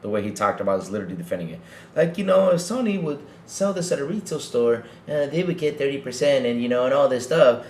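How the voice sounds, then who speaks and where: A man hosts a gaming podcast stream and rants heatedly at his chat, repeating lines as he works himself up. His pitch swings widely from phrase to phrase. The room around him sounds echoey. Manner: ranting, repetitive, heated. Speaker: podcast host. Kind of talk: livestream commentary to chat.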